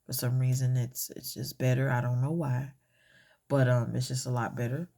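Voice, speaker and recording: A woman's voice: extremely low pitch, level tone, normal speed, creaky, mellow. A woman giving a casual cooking tutorial in her home kitchen, talking hesitantly with many fillers and correcting herself as she goes. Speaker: home cook.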